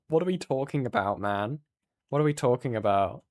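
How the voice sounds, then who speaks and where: A man's voice: lowish voice, moderate pace, no room sound. A man hosting a livestream, commenting casually with swearing and exasperated asides. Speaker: streamer host.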